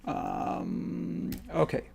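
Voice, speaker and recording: A man hosting a live software tutorial, talking casually and upbeat, thinking aloud as he works. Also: fairly high pitch, wildly swooping pitch, very slow, vocal fry, husky. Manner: rambling, upbeat, thinks aloud while working. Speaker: live stream host and modeling instructor.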